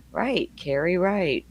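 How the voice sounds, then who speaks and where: An older man with a Southern US accent, hosting a true crime livestream and chatting casually with viewers, laughing often and greeting them by name. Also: high-pitched. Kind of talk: casual chat with live viewers.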